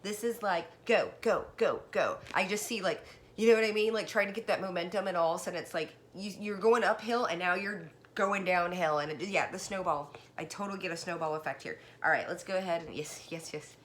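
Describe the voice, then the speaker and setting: A woman giving a casual tarot reading, chatty and excited, talking straight to the viewer and a little out of breath. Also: on the low side, fast. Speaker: tarot card reader.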